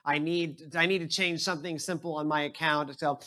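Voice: mid-range voice, fairly even intonation, brisk, pushed and bright. A young adult preacher, reading scripture solemnly and then preaching in a chatty, storytelling way with asides.

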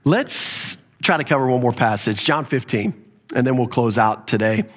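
A man's voice: medium pitch, normal speed, a bit bright, long reverb tail. A man giving sermon-style Bible teaching, explaining step by step and leaning hard on key verses.

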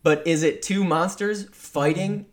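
A man's voice: fairly high pitch, a little slow. Profane, ranting male podcast co-host. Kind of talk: casual chat.

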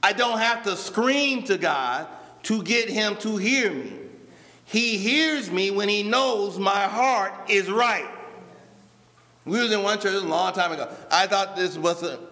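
Male pastor, sermon delivery with slow drawn-out emphasis, sharp bright tone, long church reverb. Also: high-pitched. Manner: addresses a responding congregation.

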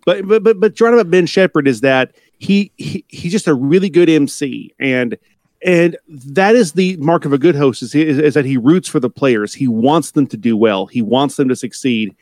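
A man's voice: on the high side, normal speed, a little mellow, no room sound. Rambling, hesitant man in casual chat. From United States. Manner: rambling, self-correcting, hesitant with fillers. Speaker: podcast co-host.

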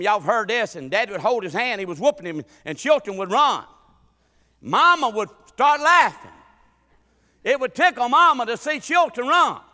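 Preacher man, real high bright voice, folksy stories, stammers and restarts, long church hall echo. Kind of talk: sermon with storytelling.

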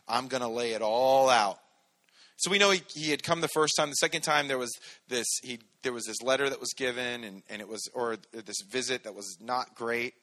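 A man's voice: medium pitch, pushed and bright. A man preaching a casual, conversational sermon, joking and acting out little quotes. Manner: casual, jokey, acts out quotes in voices. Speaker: pastor.

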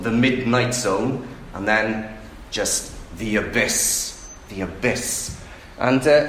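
A man preaching a sermon in a conversational way, often asking the listeners rhetorical questions. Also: mid-range voice. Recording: echoey room with faint background noise.

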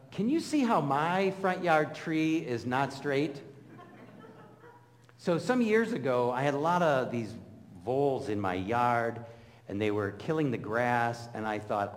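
A middle-aged man preaching a sermon in a big reverberant hall. He tells stories with animation and slips into the voices of the people he quotes, keeping a middle pitch. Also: sing-song, measured pace. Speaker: pastor.

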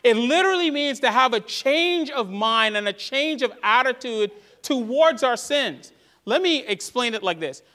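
A man preaching a sermon as pastor to his church, earnest, rising to loud emphasis and dropping to hushed tones. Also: very high-pitched, animated, normal speed.

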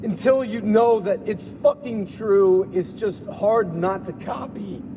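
A man with a high voice and a sore throat talks in a loose, profane stream of consciousness that keeps slipping into rhymes. His voice carries a long reverb, and vehicle noise runs clearly behind it. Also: slow. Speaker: podcast host. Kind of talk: rambling monologue.

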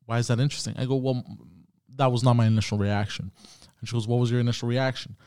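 A man's voice: mid-range voice, steady tone, quick pace, darkish tone, smooth, dry recording, studio quality. A man hosting a podcast, telling a story in a casual, profane way with many fillers and restarts. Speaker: podcast host.

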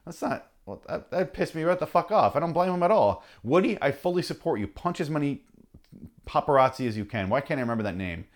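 A man's voice: on the high side, big pitch swings, a little fast. A man hosting a podcast, delivering an angry, sarcastic, profanity-filled comic rant and now and then mocking people in put-on voices. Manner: angry, sarcastic, heavy swearing. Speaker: podcast host reading his rants.

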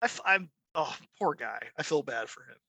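Male podcast guest, animated storyteller, bright and dry. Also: fairly high pitch, fairly quick, vocal fry, slightly rough, no room sound. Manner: animated storyteller, imitates barking dogs. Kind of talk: casual chat.

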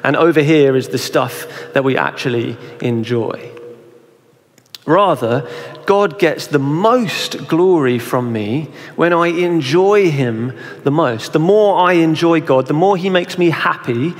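A man's voice: on the high side, expressive, takes it slowly. A young man preaching a sermon in a conversational way, often asking his listeners questions. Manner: conversational, asks the audience questions. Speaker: pastor. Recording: reverberant hall.

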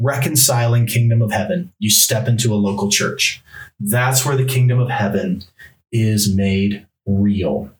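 A male pastor preaching a sermon, reading Bible passages aloud and driving points home through emphatic repetition. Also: medium pitch. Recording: roomy echo, mic from a distance.

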